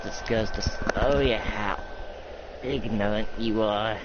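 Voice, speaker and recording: A man voicing a cruel male villain who taunts slowly and coldly, on a muffled, hissy recording. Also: lowish voice, steady tone. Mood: taunting. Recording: muffled lo-fi with loud hiss.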